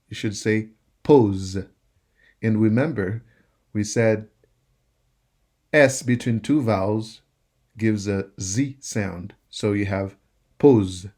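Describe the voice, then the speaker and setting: A man teaching pronunciation, repeating each word slowly and spelling out letters. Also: on the low side, darkish tone. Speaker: French teacher. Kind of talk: slow pronunciation lesson.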